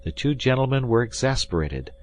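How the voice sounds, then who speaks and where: A man reading a classic adventure novel aloud as an expressive audiobook narrator. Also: mid-range voice, a little fast. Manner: expressive storytelling. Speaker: audiobook reader.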